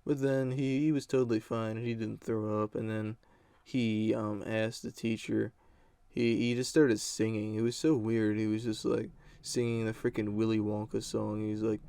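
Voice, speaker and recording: A man's voice: on the low side, level tone, normal speed, gravelly, warm tone, clear, resonant tone, no echo. A young man telling a rambling, profane story in a casual storytime vlog. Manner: rambling, profane, lots of fillers.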